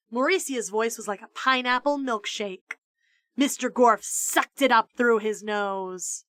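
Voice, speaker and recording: A woman reading a children's story aloud at a slow, deliberate pace. Her tone is bright and clear, recorded close and dry. She throws herself into the characters, leaping up to high excited voices. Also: no room sound. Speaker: streamer reading a children's book. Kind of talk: expressive read-aloud storytelling.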